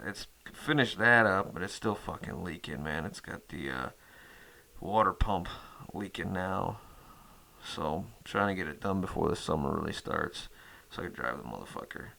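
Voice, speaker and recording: A man's voice: low-pitched, animated, moderate pace, creaky, sharp tone. A man hosting his metal music channel in a rambling casual chat, cursing constantly and full of fillers.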